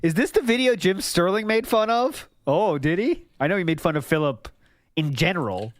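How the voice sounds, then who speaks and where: Man, casual streamer, animated pitch, rambling, laughs a lot, dry close mic. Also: normal speed, dry recording. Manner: rambling, laughs often, jumps between topics. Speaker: streamer reacting to clips. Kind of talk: casual stream chat and reaction commentary.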